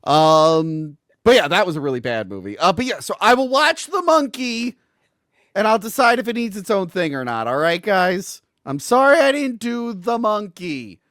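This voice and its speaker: A male podcast host in casual chat about movies, blunt and given to rambling asides and swearing. His pitch sits a little high and swings widely, and the recording is dry and close. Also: big pitch swings, normal speed, fairly bright tone, no room sound.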